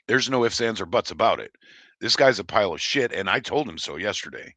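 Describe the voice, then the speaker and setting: A man's voice: lowish voice, animated, a little fast, sharp tone, breathy edge, dry recording. A man from Oregon hosting a livestream, chatting casually and reading chat in a rambling, blunt, profane way. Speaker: livestream host.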